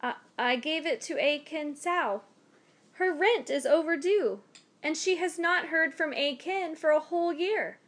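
A woman's voice: sits high, animated, unhurried, a bit bright, voice pushed up. A woman storyteller voicing a kindly, selfless old man who speaks soothingly. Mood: gentle. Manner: soothing, reassuring.

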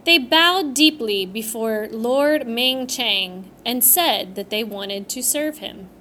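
A woman reading a folktale aloud as storybook narration, slow and expressive. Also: a little high, slight background noise.

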